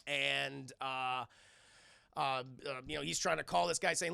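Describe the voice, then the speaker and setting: Give me an animated male streamer with a gravelly voice, recapping a film to chat in a dry room. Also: mid-range voice, unhurried, no room sound. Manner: animated, profane, addresses chat.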